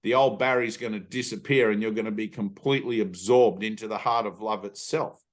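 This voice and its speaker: Here a middle-aged spiritual teacher talks informally with his students in a voice on the low side, moving fairly quickly. His manner is emphatic and blunt, with occasional swearing and acted-out inner voices.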